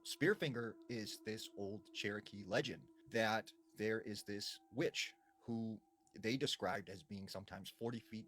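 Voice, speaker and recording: A man telling a creepy folk legend in a hushed, dramatic way, often filling with "you know". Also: fairly low pitch. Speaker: storyteller. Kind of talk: spooky storytelling.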